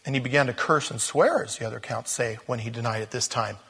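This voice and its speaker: A man's voice: medium pitch, fast talker, a bit bright, husky. A male pastor preaching a sermon in a church, telling the story with jokes and acting out the scenes. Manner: jokey, storytelling preacher who acts out scenes.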